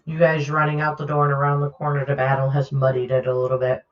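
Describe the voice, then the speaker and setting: A woman running a tabletop game as game master, narrating in a relaxed, halting way. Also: very deep voice. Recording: echoey, dull lo-fi mic.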